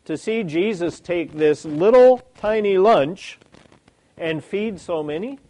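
A man preaching a sermon, animated and full of rhetorical questions. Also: high-pitched, slow, poor audio.

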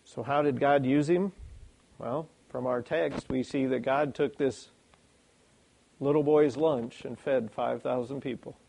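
A man preaching a sermon, animated and full of rhetorical questions. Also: medium pitch, measured pace, gravelly, poor audio.

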